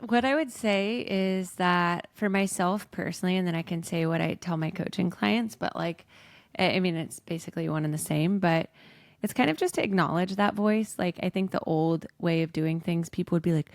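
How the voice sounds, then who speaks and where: A woman's voice: fairly low pitch, moderate pace, no room sound, studio quality. A woman coach talking casually as a podcast guest, chatty and full of "like" fillers.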